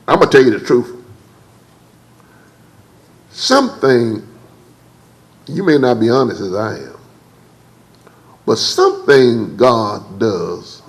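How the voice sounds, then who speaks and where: A man preaching a church sermon. He calls on the congregation to answer back, repeats and stammers over words, and leaps higher when he acts out quotes. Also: animated, slow, long pauses, low-quality recording. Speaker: pastor. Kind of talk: preached sermon with call-and-response. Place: church service.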